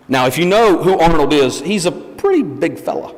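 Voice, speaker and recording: Chatty preacher in a reverberant church. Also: male voice, fairly high pitch, animated, moderate pace, few pauses. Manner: chatty, anecdotal, repeats himself. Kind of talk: storytelling sermon. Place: church sanctuary. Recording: long church hall reverb.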